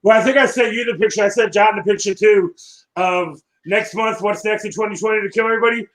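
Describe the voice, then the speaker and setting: A man's voice: high voice, fast, a bit bright, poor audio. A man in his late thirties co-hosting a sports show, dry, sarcastic and profane. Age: 30s. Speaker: co-host. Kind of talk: casual sports podcast banter. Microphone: remote call.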